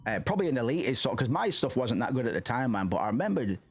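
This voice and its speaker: A man chatting casually on a livestream, rambling and profane, loud and passionate, tacking "man" onto his sentences. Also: fast talker. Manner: loud and passionate, animated swings in pitch. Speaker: streamer.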